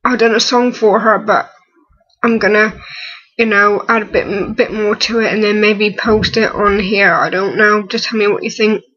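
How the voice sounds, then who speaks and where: A young woman in her early twenties, close to tears, talking haltingly with many fillers and restarts in a personal vlog. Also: mid-range voice, fairly even intonation, a bit bright, husky, lo-fi sound. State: on the verge of tears. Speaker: vlogger.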